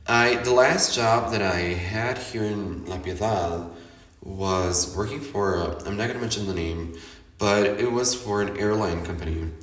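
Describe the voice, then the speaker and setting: A chatty, candid man from Chicago talks through his own podcast, laughing often and swearing freely. His voice sits on the low side. The sound is roomy and comes from a little way off the mic. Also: measured pace, a bit bright, recorded from a distance. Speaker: podcast host. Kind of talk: casual personal monologue.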